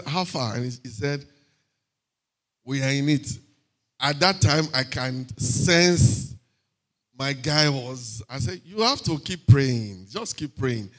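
A man with a Nigerian accent giving a sermon testimony in church, lively and sprinkled with hallelujahs and pidgin asides. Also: mid-range voice. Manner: lively, punctuated by frequent hallelujahs and amens. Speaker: preacher sharing a testimony.

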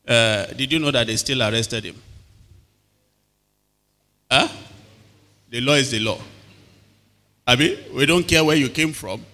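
Bright-voiced preacher in a reverberant hall. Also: male voice, mid-range voice, slow pace, long pauses. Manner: calls to the congregation for responses. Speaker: pastor. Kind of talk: sermon.

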